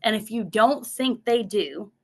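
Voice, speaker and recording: A woman's voice: mid-range voice, lively intonation, measured pace. A woman giving a motivational talk from her notes, earnest, repeating words as she goes and acting out her own inner voice.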